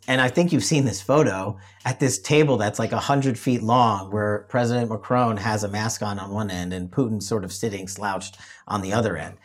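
A man hosting a political discussion show, talking emphatically and often restarting his phrases. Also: medium pitch. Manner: emphatic, repeats himself when restarting. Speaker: show host.

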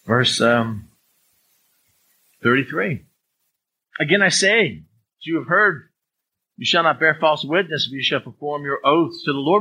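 Male pastor, conversational sermon, bright forceful tone, slightly higher voice, faint background hum. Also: lively intonation, a little slow, pauses often, husky, rough recording. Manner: conversational, acts out swearing speakers in a raised voice.

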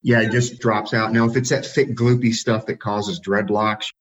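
A man who breeds and shows dogs, telling relaxed anecdotes with the odd laugh. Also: on the low side, normal speed, highs cut off. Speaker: dog breeder and show handler. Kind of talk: casual storytelling.

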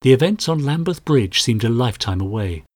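A man narrating a short story in a measured, dramatic storytelling manner. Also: medium pitch, expressive, no room sound, studio quality. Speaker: audiobook narrator. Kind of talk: scripted narration.

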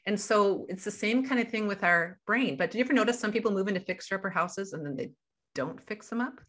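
A woman's voice: medium pitch, fast, fairly bright tone. A woman guest on a podcast interview, a life coach talking over a video call and explaining through everyday examples.

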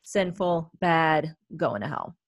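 A woman's voice: deep voice, lively intonation, takes it slowly, dry recording, studio quality. A woman co-hosting a wellness podcast, talking in a chatty, reflective way with many fillers. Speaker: podcast co-host, therapist. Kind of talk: casual podcast chat.

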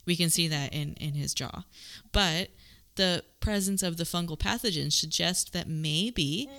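Casting: woman podcast co-host, bright, lowish voice, chatty explainer with jokes. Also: a little slow. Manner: explains at length with jokes, laughs easily. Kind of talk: casual science podcast chat.

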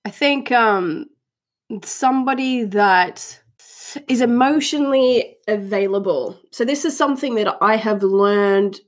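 A woman's voice: fairly high pitch, a little slow. Chatty young woman co-hosting a podcast. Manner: chatty, full of "like" and restarts, laughs often. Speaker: podcast co-host. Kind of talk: casual chat.

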